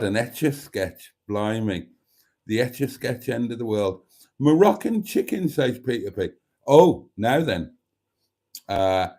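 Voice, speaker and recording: Man, live-stream host, casual chat, reads comments aloud, teasing, very animated intonation. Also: mid-range voice.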